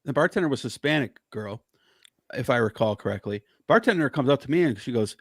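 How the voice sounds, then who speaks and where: A man's voice: mid-range voice, expressive, fast talker, no echo, clean studio sound. A man on a podcast, telling a story in heated, profane casual chat.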